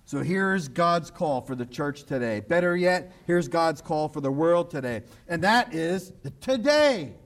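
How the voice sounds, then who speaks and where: A male pastor preaching a sermon, emphatic and repetitive, often dropping to a low, quiet voice for asides. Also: animated, unhurried, hardly any pauses. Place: church broadcast on radio and online.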